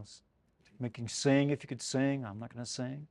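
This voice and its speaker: A man's voice: mid-range voice, steady tone, normal speed, vocal fry, a little mellow, dry recording, clean studio sound. An older man giving a saxophone workshop, talking loosely and conversationally, with many "you know"s and "man"s. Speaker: saxophone clinician. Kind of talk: casual spoken workshop talk. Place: music shop event space.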